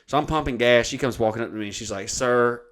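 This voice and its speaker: A man's voice: mid-range voice, very fast. Profane man rambling a story. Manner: profane, rambling anecdote-telling. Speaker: podcast host. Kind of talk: casual storytelling chat.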